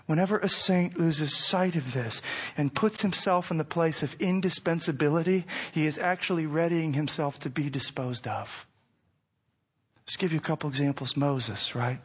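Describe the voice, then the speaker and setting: Male preacher with a high voice, impassioned, moving from hushed to near-shouting. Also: normal speed, slightly rough. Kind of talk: sermon.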